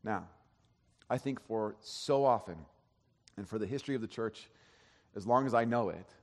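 A man's voice: lowish voice, normal speed. A man giving a sermon as pastor, telling a story in a conversational way with frequent restarts. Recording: long hall reverb.

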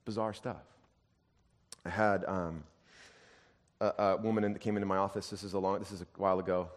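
A male pastor with a fairly low voice delivers a storytelling sermon. He pushes some passages out loud and emphatic, then drops to a hushed undertone. His voice carries a long reverb, as if recorded in a large church hall. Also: flat delivery, fairly quick.

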